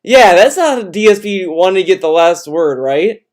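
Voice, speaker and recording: A man's voice: high-pitched, lively intonation, normal speed. A man chiming in on a live stream with sarcastic, rambling, stammering remarks. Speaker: co-host commenting. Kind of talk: casual live-stream chat.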